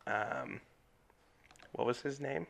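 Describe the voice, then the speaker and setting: A man with a gravelly, bright voice debates films on a comedy podcast. He pushes back on his co-host and teases him. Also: medium pitch. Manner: teasing, argumentative, quick to laugh. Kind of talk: casual comedy movie chat.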